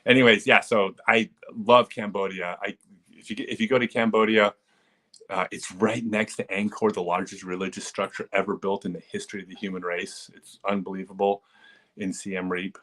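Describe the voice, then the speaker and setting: Animated man telling stories on a live stream. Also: on the low side, normal speed. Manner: animated storyteller who chuckles and acts out quotes. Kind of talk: casual live-stream storytelling.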